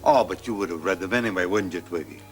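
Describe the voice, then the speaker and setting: An American man in his seventies, hosting, with a relaxed, wry, chuckling delivery in scripted comedy banter. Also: low voice, fast talker, soft background music. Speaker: show host.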